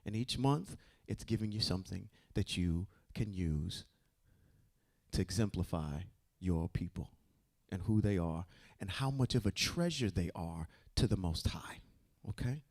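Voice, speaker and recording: A man's voice: low voice, animated, a little slow, darkish tone. Man teaching scripture, checking in often. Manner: keeps checking in with "okay?" and "right?"; quizzes listeners with questions. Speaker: Bible study teacher. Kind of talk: casual scripture teaching to a group.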